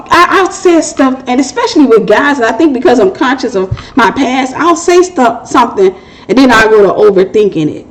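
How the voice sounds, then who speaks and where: A woman's voice: a little high, rough recording. A middle-aged woman hosting a Christian relationship Q&A, giving casual testimony and advice in a candid, joking way and laughing at herself.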